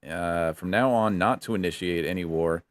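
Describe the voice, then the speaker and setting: A man's voice: sits low, normal speed. A man co-hosting a casual political chat, laid-back and wry, swearing casually and reading points aloud. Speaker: co-host.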